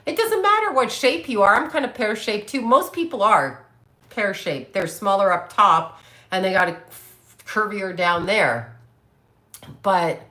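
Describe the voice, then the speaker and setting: Reading comments on her livestream, a psychic medium in her late fifties answers viewers with blunt, swear-filled retorts. Her mid-range voice is sing-song, pushed and bright, and moves a little slowly.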